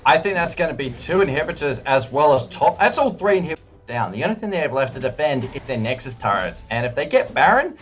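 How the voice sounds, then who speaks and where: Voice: mid-range voice, quick pace, few pauses. An Australian esports co-caster giving chatty color commentary, full of fillers, with the hiccups. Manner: chatty, many "like" fillers, animated.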